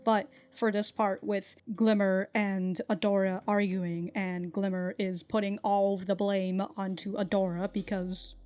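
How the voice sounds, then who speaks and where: A woman's voice: medium pitch, fairly even intonation, measured pace, hardly any pauses, darkish tone. A woman hosting a casual reaction commentary who swears a lot, laughs often and rambles with restarts. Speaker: reaction video host.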